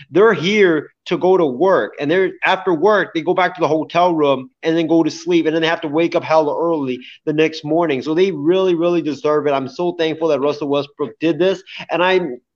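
A man's voice: a little high, moderate pace, hardly any pauses. Sincere man on a dull, lo-fi mic. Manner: sincere, grateful. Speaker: co-host. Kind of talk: casual sports talk. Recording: dull, lo-fi sound.

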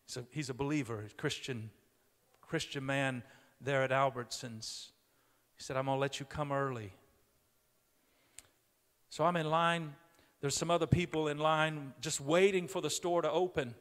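A middle-aged man preaching a sermon as a pastor in a church, moving from storytelling to loud, emphatic preaching. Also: fairly high pitch, moderate pace. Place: church sanctuary. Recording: long hall reverb.

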